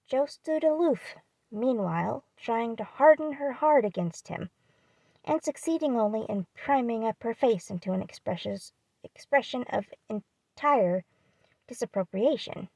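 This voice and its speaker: A woman narrates a classic novel as an audiobook, reading steadily and stopping now and then to fix a hard word. Her voice is mellow, with a gravelly edge, and the recording is dry and close. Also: fairly high pitch, unhurried, no echo. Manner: steady, self-correcting on hard words.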